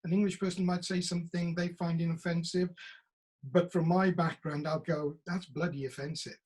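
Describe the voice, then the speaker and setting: A middle-aged Welsh man speaking over a video call, his voice fairly high for a man and noticeably husky. He tells his stories with animation and slips into other people's voices when he quotes them. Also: level tone, moderate pace, a little mellow. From Wales. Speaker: actor.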